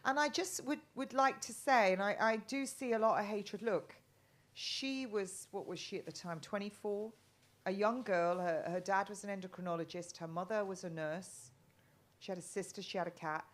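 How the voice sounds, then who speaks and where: A woman's voice: mid-range voice, moderate pace. A middle-aged woman from England talking as a guest in a casual live chat, rambling with many restarts and ums.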